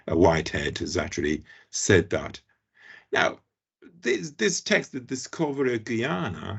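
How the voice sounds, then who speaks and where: A man's voice: lowish voice, creaky, slightly rough, lo-fi sound. A man with an Italian accent giving an academic seminar lecture, hesitant, with many fillers and restarts. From Italy. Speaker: guest lecturer.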